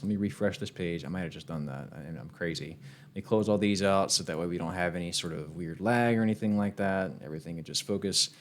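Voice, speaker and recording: A man streaming a fighting game, chatting casually with viewers and trash-talking his opponents with plenty of swearing. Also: sits low. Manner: excitable, profane trash talk to chat. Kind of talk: casual live-stream gameplay commentary.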